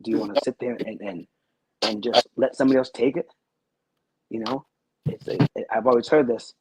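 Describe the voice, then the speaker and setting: A man's voice: medium pitch, steady tone, a little fast, crowd noise, poor audio. A man who is a guest on a talk show, telling a personal story in a rambling, earnest way and repeating his phrases.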